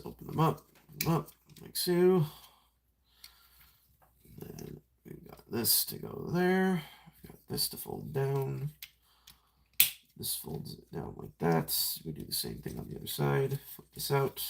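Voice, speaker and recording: A man's voice: a little high, creaky. A young man chatting casually on a live stream while transforming a toy figure, rambling, self-mocking and greeting viewers by name.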